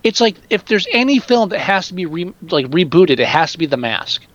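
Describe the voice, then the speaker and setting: A man chatting casually about movies, excitable and swearing freely. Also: sits high, brisk, no echo, dull audio.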